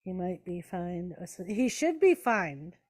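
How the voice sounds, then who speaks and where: A woman with a lowish, slightly mellow voice hosts a casual live watch party. She speaks unhurriedly with big pitch swings while calling the action, replying to chat and addressing her pets.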